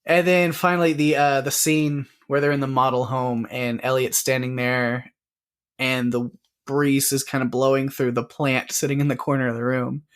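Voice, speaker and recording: A man in a casual podcast chat about a film, rambling along with plenty of "like"s and laughing now and then. His pitch sits mid-range for a man, and he speaks into a podcast mic. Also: flat delivery, fairly bright tone, clean tone. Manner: rambling, many "like"s, quick laughs. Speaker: podcast co-host. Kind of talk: casual movie review chat.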